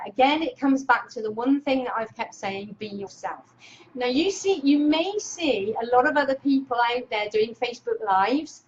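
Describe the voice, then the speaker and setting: Energetic woman host coaching on camera; bright, excitable delivery, lo-fi webcam audio. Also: on the high side, normal speed, a little hiss or hum. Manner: excitable, energetic, greets viewers by name. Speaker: Facebook Live host and speaking coach. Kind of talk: casual live-stream coaching talk. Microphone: webcam clipped on monitor.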